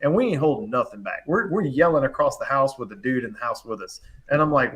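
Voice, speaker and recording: Young man, HVAC contractor, animated storyteller who acts out quoted voices, easy casual delivery. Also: medium pitch, fast, few pauses, slightly rough. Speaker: HVAC contractor, show regular. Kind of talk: casual storytelling on a live panel show.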